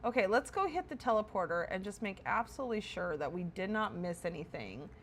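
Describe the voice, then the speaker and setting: Woman streamer, average pitch, casual and chatty, with light background noise. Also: big pitch swings, brisk. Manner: chatty, self-correcting, wonder-struck. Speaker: streamer touring a game house. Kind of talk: casual live-stream commentary.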